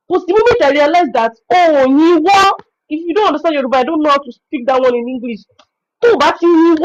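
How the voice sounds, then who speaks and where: A Nigerian woman hosting a webinar, giving an expressive, storytelling talk on working with clients. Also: high-pitched, slight background noise, rough recording. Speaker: virtual assistant trainer hosting a webinar. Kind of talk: informal teaching talk.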